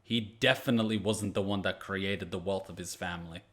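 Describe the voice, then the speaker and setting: A man's voice: sits low, steady tone, fairly quick, a bit bright. A man hosting an anime reaction video, joking and blunt, swearing freely as he comments.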